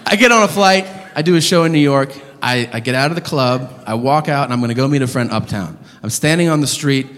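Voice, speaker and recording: A man's voice: mid-range voice, quick pace, hardly any pauses, a crowd in the background. A man doing stand-up, telling stories in a brash, profane and incredulous way. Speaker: stand-up comedian. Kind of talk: stand-up storytelling. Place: comedy club stage. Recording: reverberant live club with audience.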